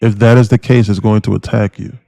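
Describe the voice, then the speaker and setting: A man giving live day-trading commentary on a stream, talking in an animated, emphatic way that keeps repeating and restarting phrases. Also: on the low side, brisk, creaky, no room sound.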